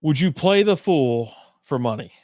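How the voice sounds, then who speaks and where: A man's voice: fairly high pitch, animated, a little slow, darkish tone, no echo, clean studio sound. A man co-hosting a livestreamed podcast, talking bluntly with lots of swearing and exasperated rants. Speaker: podcast co-host. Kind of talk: casual chat over drinks on a livestream.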